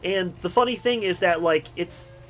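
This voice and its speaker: A man's voice: high voice, normal speed, low-quality recording. A young man with a slightly raised voice talks over his gameplay. He rambles through family stories in a loose, chatty way and laughs often. Faint game music plays underneath. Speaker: gaming channel host. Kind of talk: game commentary with personal stories.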